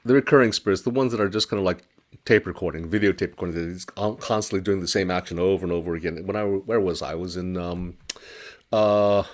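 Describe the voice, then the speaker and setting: A man telling a personal ghost story in casual conversation, animated and laughing as he acts out his own reactions. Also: sits low, quick pace. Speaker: storyteller guest.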